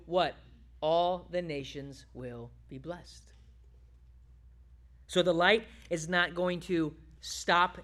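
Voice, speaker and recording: A pastor preaches an animated sermon, posing rhetorical questions to the congregation and dropping low and soft whenever he reads scripture.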